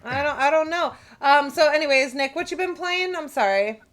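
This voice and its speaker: A woman's voice: high-pitched, a bit bright. A woman hosting a casual gaming podcast, teasing her guests and laughing easily. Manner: laughing, teasing, quick to curse. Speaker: podcast host.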